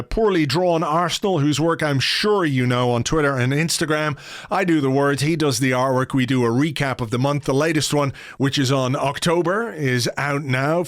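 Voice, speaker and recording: A man's voice: fairly high pitch, no room sound. Chatty podcast host, man, dry sound. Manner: chatty, jokey, repeats details slowly. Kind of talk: podcast sign-off and announcements.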